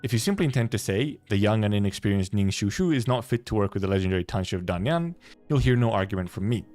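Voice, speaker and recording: A man's voice: on the low side, lively intonation, quick pace, a little mellow, faint music behind, close to an everyday voice. Proud young official in a game-story read-aloud, read by a man, curt and dismissive.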